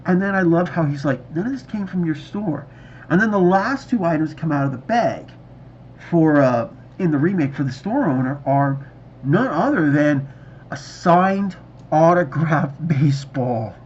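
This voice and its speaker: A man's voice: on the high side, darkish tone, slight background noise. A man reviewing a TV episode in casual video chat, enthusiastic and rambling, recorded on a dull lo-fi mic. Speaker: movie reviewer.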